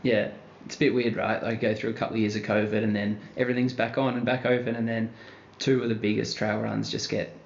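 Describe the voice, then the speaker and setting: Male podcast host, chatty and easygoing, gravelly voice, dull roomy recording. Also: fairly low pitch, little pitch movement, fast, hardly any pauses, a little hiss or hum. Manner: chatty, laughs easily, leads the talk. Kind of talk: casual chat. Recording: dull echoey room recording.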